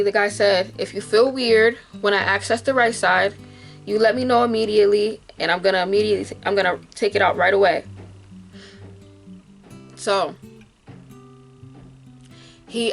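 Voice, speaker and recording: A young woman vlogger, emotionally retelling a frightening medical episode in a casual, animated way to camera. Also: a little high.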